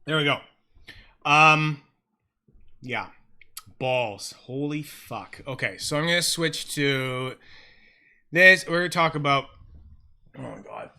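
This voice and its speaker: Excitable, bright-voiced man streaming live. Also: a little high, takes it slowly, pauses often, clear, resonant tone. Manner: rambling, excitable, swears freely. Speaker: fidget toy livestreamer. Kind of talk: casual livestream chat. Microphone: close sensitive mic.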